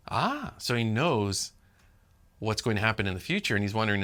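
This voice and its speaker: A man preaching a sermon as pastor, animated and talking directly to his congregation. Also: fairly low pitch, normal speed. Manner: animated, talks to the congregation, acts out quotes.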